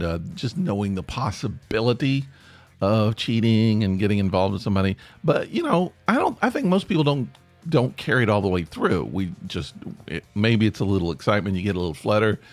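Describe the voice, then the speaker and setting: A man with a lowish voice that swings widely in pitch hosts a solo podcast. He chats casually and rambles, often restarting his sentences. His voice sounds dry and close, with faint music behind. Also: no room sound. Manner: rambling, self-interrupting, chatty. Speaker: podcast host. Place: home near Atlanta.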